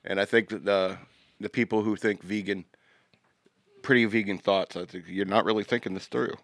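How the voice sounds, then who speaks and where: A man's voice: on the low side, steady tone, moderate pace, a bit bright, dry recording. A man co-hosting a podcast in casual banter, rambling and joking, often trailing off and restarting. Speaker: podcast co-host.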